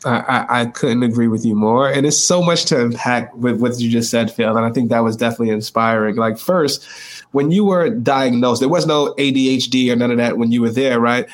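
A man's voice: mid-range voice, fairly quick. Stuffy-nosed male podcast host. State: stuffy, congested. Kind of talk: casual interview chat.

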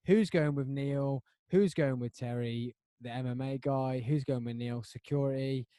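A man hosting a casual podcast chat from a home studio, excitable and quick to laugh. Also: mid-range voice, clear, resonant tone, no echo. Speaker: podcast host.

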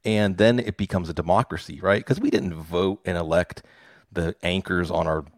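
A man's voice: low-pitched, moderate pace, dry recording, studio quality. A man in his forties from Pittsburgh, a fantasy football podcaster telling stories in a casual interview, enthusiastic and self-deprecating.

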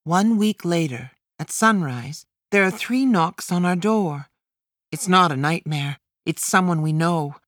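A woman reads a first-person memoir for an audiobook, her voice deep for a woman and her delivery slow and measured. The recording is dry and close, with no room echo. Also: animated. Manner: measured, plain present-tense storytelling. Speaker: audiobook narrator.

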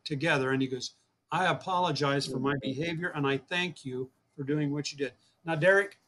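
A man's voice: on the high side, fairly bright tone, a little hiss or hum. A man telling a long personal story in an interview, earnest, repeating words and acting out the dialogue he quotes. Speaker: guest, fishing program founder.

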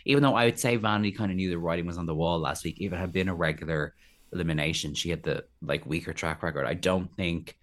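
Low-voiced man in animated podcast chat. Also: fast. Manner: animated, acts out quoted voices in high pitch. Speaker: podcast guest. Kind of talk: casual chat.

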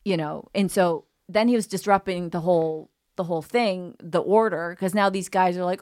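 A woman comedian telling a story on a podcast in a lively, profane way, acting out the people in it. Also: lowish voice, moderate pace, few pauses. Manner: animated storyteller who swears freely and acts out quoted people. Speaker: guest comedian.

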